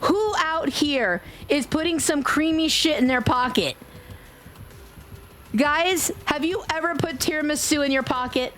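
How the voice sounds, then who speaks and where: A Brooklyn woman with a faded New York accent speaks in a high, fairly bright voice at normal speed with few pauses, over slight background noise. Chatting casually during a game stream, she's playful and giggly and swears freely.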